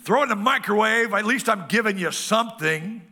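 A man's voice: sits high, animated, fairly quick, gravelly, sharp tone, pitched above the performer's own voice, exaggerated voice. A man putting on the voice of a surly, lazy old grandmother who hollers brashly. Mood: hollering.

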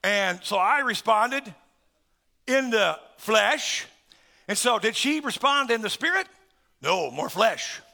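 A middle-aged man pastor preaching a sermon, swinging between loud emphatic stresses and soft asides and chuckling through lists. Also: sits high, lively intonation, slow, vocal fry.

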